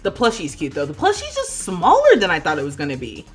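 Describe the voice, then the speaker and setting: A woman in her thirties chatting casually on a livestream while she plays, laughing often and thinking out loud. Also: on the low side, huge pitch swings, fast, faint music behind. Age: 30s. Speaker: streamer.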